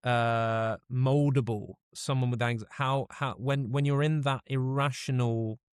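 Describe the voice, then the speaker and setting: A man's voice: mid-range voice, fairly even intonation, a little slow, clear, resonant tone, no echo, studio quality. A man co-hosting a podcast, talking casually and restarting his sentences often. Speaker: podcast co-host. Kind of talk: casual chat.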